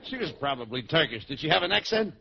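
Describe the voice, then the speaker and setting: A man's voice: fairly high pitch, big pitch swings, quick pace, vocal fry, very noisy. A man playing the exasperated, scolding straight man in a 1940s radio comedy duo, on a dull old broadcast recording.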